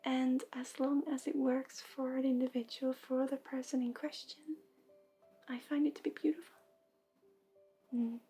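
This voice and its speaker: A woman hosting a livestream of intuitive readings and healing, speaking softly and gently, often half in a whisper. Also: high voice, level tone, a little slow, long pauses, breathy edge, faint music behind. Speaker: intuitive reader and healer.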